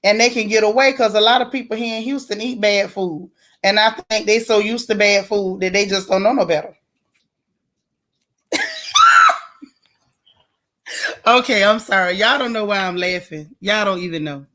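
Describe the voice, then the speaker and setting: A woman from Florida, hosting a casual livestream and chatting with viewers in a blunt, animated, slangy way. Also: medium pitch, brisk. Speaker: livestream host. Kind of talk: casual livestream chat reading viewer comments.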